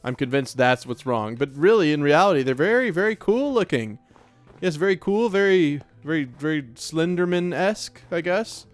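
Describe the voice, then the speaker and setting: A man with a slightly high voice gives casual gameplay commentary for a let's play. He is chatty and nervous and keeps talking to himself. Faint music plays behind him. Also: expressive, moderate pace, no room sound. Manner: chatty, nervous self-talk.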